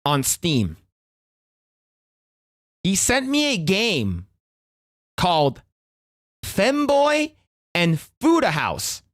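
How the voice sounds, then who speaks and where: A man's voice: high-pitched, huge pitch swings, extremely slow, pauses often, a bit bright, no room sound, clean studio sound. A male streamer chatting casually, reacting with joking outrage. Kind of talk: casual live-stream chat.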